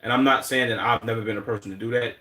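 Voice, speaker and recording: A man's voice: medium pitch, rapid-fire. Profane man in his twenties. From Chicago, United States. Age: 20s. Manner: animated, profane, acts out quotes in put-on voices. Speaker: streamer reacting to videos. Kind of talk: casual livestream commentary. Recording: roomy echo.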